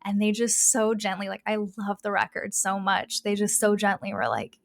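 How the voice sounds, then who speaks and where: A young woman chatting as an interview guest, animated and quick to laugh as she acts out the conversations she recounts. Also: medium pitch, creaky, no room sound. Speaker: guest, spiritual reader. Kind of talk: casual interview chat.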